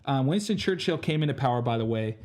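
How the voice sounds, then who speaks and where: A man's voice: medium pitch, expressive, quick pace, darkish tone. A young man co-hosting a casual podcast, speaking earnestly and motivationally with many fillers and restarts. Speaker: podcast co-host. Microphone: earphones with podcast mic.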